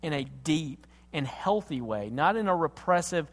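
A man preaching a sermon as pastor, impassioned, moving between loud emphatic lines and hushed tender passages. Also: on the high side, expressive, slow pace, creaky. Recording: long hall reverb.

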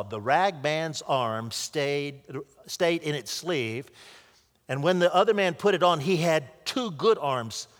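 A man's voice: mid-range voice, fairly bright tone. A man preaching a sermon by retelling a story earnestly, with small restarts, in a large hall or church. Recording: long hall reverb.

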